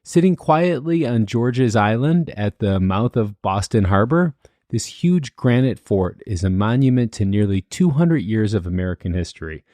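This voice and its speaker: A man plays the skeptic on a paranormal podcast, with a mellow, dark voice and a relaxed, joking manner. The sound is dry and close-miked. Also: fairly low pitch, moderate pace, dry recording. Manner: joking, easygoing banter. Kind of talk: casual podcast chat.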